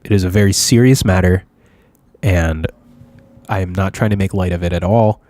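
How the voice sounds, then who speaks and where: A man's voice: low-pitched, fairly even intonation, normal speed, a little mellow, no echo. A young man co-hosting a podcast in casual, rambling chat, joking and laughing often. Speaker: podcast co-host.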